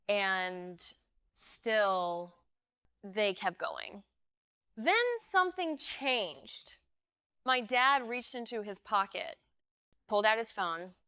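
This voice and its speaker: Brief: woman storyteller, slow and dramatic, bright and very clear voice. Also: mid-range voice, dry recording, clean studio sound. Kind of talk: scripted first-person story narration.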